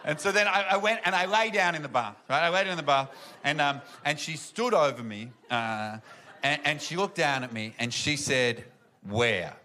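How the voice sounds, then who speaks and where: With a fairly high, expressive, sharp voice at normal speed, a man does a stand-up comedy set on stage. His storytelling rambles and pokes fun at himself with many fillers, and the audience laughs around him.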